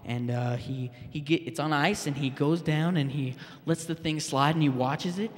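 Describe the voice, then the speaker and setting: A man doing a stand-up set, halting and deadpan, with fillers and restarts. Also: on the high side. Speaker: stand-up comedian. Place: public access TV studio stage. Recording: long hall reverb.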